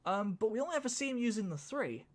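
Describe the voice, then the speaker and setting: A man with a northern English accent reads a script aloud on a stream, giggling and riffing on each line after he reads it. His high-pitched voice is sing-song, and he talks fast.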